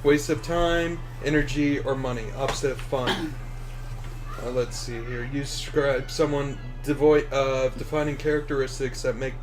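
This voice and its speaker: A man co-hosting a podcast, reading definitions aloud in a deadpan casual way. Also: mid-range voice, moderate pace, music in the background. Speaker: podcast co-host. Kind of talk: casual chat.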